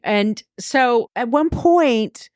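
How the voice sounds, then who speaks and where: A woman's voice: a little high, lively intonation, extremely slow, darkish tone, no echo, studio quality. A woman in a casual book discussion, chatty and laughing often as she retells the story.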